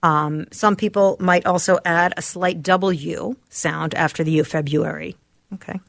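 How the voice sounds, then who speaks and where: A woman's voice: lowish voice, steady tone, a little slow, gravelly, a bit bright, dry recording. A woman co-hosting a radio show, chatting casually in the studio and reading answers aloud from her phone.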